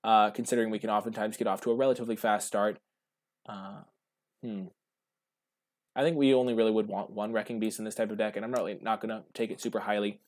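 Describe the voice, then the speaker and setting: A man with a fairly low voice talks through his card picks in a loose, chatty way. He thinks aloud and stops now and then to answer his chat. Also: darkish tone. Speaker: streamer. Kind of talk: casual draft commentary.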